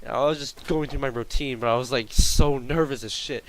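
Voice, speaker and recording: A man's voice: medium pitch, normal speed, rough recording. Rambling young man telling a story. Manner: rambling, filler-heavy, exaggerating. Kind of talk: casual storytime vlog.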